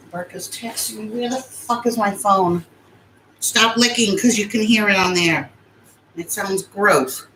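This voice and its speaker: A woman's voice: mid-range voice, a bit bright, roomy sound, slight background noise, rough recording. A woman casually vlogging from her bed, slightly out of breath and cooing baby talk at her dogs. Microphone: phone camera.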